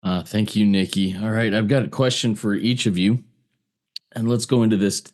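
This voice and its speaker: A man with a very low voice hosting a recovery roundtable. He speaks courteously, inviting each panelist to answer. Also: fairly even intonation, normal speed, a little mellow. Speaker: moderator.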